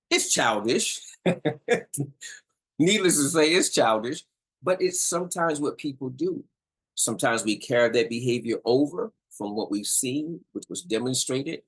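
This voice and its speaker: A man's voice: medium pitch, slightly rough, low-quality recording. A middle-aged man giving a casual talk on relationship communication, emphatic and repetitive, often checking in with "all right?". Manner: emphatic, repeats points, asks "all right?". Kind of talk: casual instructional talk to viewers.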